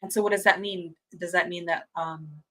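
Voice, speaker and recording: A bright-voiced woman streamer with a pitch on the low side hosts a fan watch-party at a moderate pace. Casually chatting and reading viewer comments, she gushes, laughs often and restarts sentences mid-stream, over poor audio.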